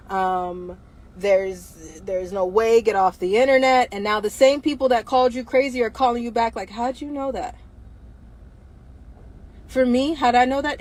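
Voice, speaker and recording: A woman's voice: medium pitch, a little hiss or hum, poor audio. A woman hosting a livestream, talking bluntly and emphatically, firing off repeated rhetorical questions with some profanity. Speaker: livestream host. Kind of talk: impassioned livestream monologue.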